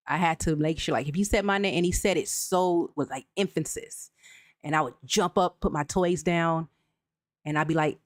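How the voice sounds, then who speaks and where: A woman with a slightly low voice hosts a live chat, reading out viewer comments and answering them candidly. She talks straight to her audience in a casual, personal way. The sound is close and dry, with no room echo. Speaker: channel host.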